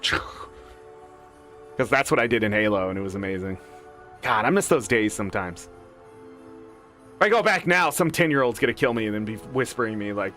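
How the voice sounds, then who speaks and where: A man's voice: fairly low pitch, lively intonation, normal speed, pauses often, sharp tone, faint music behind. A man in his thirties streaming a game, ranting casually with profanity and switching into mock voices. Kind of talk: casual gaming rant.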